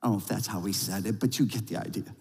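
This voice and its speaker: A male pastor delivering a sermon, telling a lively story and then leading a quiet prayer. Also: lowish voice, racing. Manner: storytelling with rising excitement, then hushed prayer. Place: church sanctuary. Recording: long reverb of a large hall.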